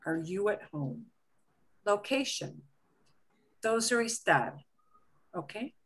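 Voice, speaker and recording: A woman teaching a beginner Spanish lesson, slowing down to stress words and checking in with "okay?" often. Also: mid-range voice, very animated.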